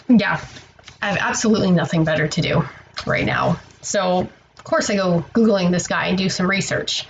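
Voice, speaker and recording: A tired woman vlogger tells her story in a rambling, exasperated way and swears freely. Her pitch is mid-range for a woman. A faint hiss of background noise runs under the recording. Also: poor audio. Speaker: online seller vlogger. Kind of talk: casual storytelling to camera.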